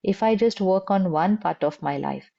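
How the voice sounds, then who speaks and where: A woman spiritual teacher, giving a calm, measured motivational talk and repeating key phrases for emphasis. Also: medium pitch, creaky, muffled recording.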